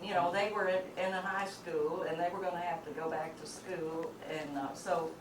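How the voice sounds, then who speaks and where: A woman's voice: fairly low pitch, steady tone. Older woman reminiscing, distant and roomy. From rural Texas. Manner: unhurried storyteller, halting with fillers. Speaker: family member reminiscing. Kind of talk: casual family reminiscence. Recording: roomy, distant home-video sound with hiss.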